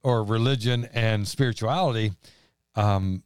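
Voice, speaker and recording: A man's voice: lowish voice, unhurried, a little mellow, clear, resonant tone, no echo, studio quality. A man, a pastor co-hosting a podcast, talking earnestly and quoting scripture at length. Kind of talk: casual religious podcast chat.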